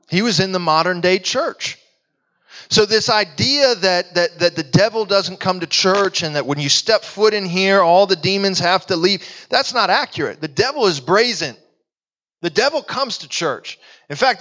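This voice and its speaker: A man preaching a sermon, telling stories earnestly and sometimes dropping to a hushed, intense voice. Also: high voice, lo-fi sound.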